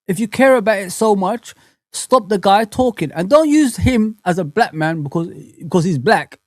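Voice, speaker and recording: A man's voice: high-pitched, expressive, normal speed, a little mellow, no echo. A man hosting a live football fan stream, ranting with passion and repeating himself. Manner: impassioned, indignant, repeats himself. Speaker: host of a football fan channel. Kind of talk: live reaction rant.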